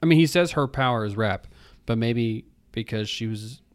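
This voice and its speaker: A man co-hosting a casual movie podcast, animated and acting out quotes as he talks. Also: mid-range voice, moderate pace, clean tone, dry recording. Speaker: podcast co-host. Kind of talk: casual chat.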